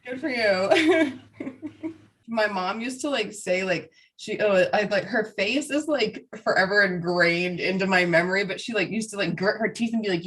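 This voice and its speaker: A woman guest in a casual conversation, talking fast with plenty of swearing and frequent laughter. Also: mid-range voice, a bit bright, far from the mic. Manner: fast, profanity-laced and laughing often. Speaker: podcast guest, psychic medium.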